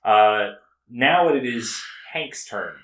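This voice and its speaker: A man narrating as game master in a relaxed, chatty way, with filler words. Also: medium pitch, takes it slowly, a little hiss or hum. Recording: echoey room.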